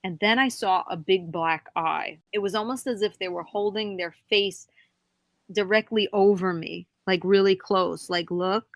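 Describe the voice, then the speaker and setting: A young woman, a podcast guest, telling a personal paranormal story in a halting way that turns animated when she quotes herself. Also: medium pitch, no room sound.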